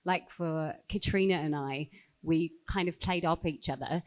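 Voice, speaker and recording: Low-voiced thoughtful woman. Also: unhurried. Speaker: panel guest actor. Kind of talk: casual panel chat.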